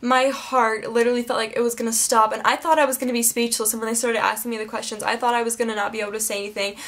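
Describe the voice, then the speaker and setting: A woman vlogger telling an excited storytime, gushing and emotional, close to tears, packed with "like.". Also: a little high, racing. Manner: gushing and breathless, heavy use of "like". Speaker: beauty vlogger.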